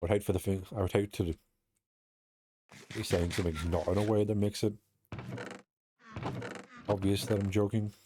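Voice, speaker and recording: British man, young, deep voice, rambling, self-mocking, casual streaming chat. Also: little pitch movement, normal speed, long pauses, background noise.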